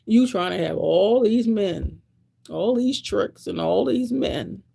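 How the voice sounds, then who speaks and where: A woman's voice: medium pitch, lively intonation, takes it slowly, vocal fry, warm tone, husky. A woman in her sixties giving a blunt, preachy monologue to camera, repeating her points. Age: 60s. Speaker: vlogger.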